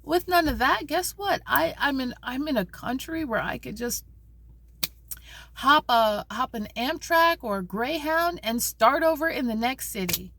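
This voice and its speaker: A woman vlogging from a parked car, telling a story in an animated, conversational way with many restarts and asides. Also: high-pitched, unhurried, slight background noise. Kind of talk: casual spiritual vlog talk.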